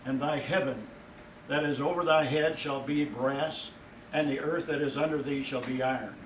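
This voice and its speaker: A male pastor preaching a sermon in a folksy way, his voice rising and loud whenever he quotes God. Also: mid-range voice, fairly even intonation, moderate pace, a little hiss or hum. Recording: echoey room from far off.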